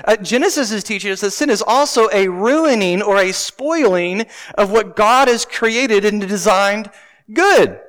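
A man's voice: high voice, animated, a little slow, fairly bright tone. A man preaching a sermon in a church sanctuary, conversational and often asking the congregation questions. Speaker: pastor. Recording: long reverb of a large hall.

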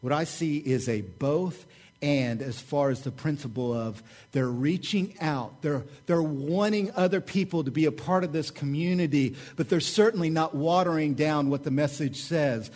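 Animated Southern preacher, high voice. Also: male voice, normal speed. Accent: Southern American. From American South. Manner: animated, joking, swings loud for mock voices. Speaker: pastor. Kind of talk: sermon. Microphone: website recording of a church service.

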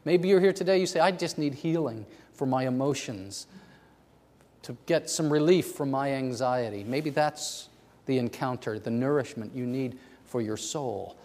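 Pastor guy preaching in a big echoey church, goes loud then whispers. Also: mid-range voice, moderate pace. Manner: dynamic, swings from loud to hushed whisper. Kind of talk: sermon. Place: church sanctuary. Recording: long hall reverb.

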